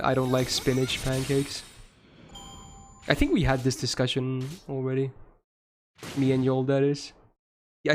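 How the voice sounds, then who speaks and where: A young man streaming a game and chatting casually with his viewers, answering their questions in a rambling way and swearing freely. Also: mid-range voice.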